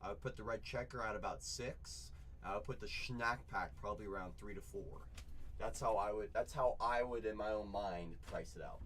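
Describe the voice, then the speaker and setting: A man hosting a live card break from a shop, excitedly chatting with viewers, repeating catchphrases and calling out their names. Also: on the low side, normal speed, a little hiss or hum. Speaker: livestream card break host. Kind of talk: excited live sales chat.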